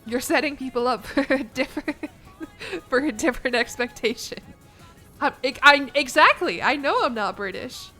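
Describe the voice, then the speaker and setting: A woman streaming a game, chatting casually in a rambling, jokey way full of quick asides. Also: sits high, expressive, pushed and bright, soft background music. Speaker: VTuber streamer. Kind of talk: casual livestream commentary while gaming.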